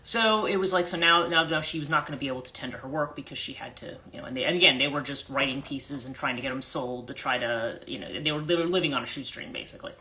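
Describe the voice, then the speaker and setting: A woman's voice: a bass voice, quick pace, few pauses, bright, forceful tone. A woman who works as a life coach, retelling a story in a rambling, casual livestream chat with many restarts and self-corrections.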